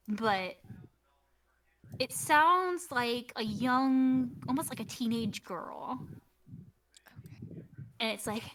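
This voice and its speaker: High, bright-voiced woman game master. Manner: chatty, hesitant with fillers, laughs often. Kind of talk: narrating a tabletop game. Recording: distant mic, faint music behind.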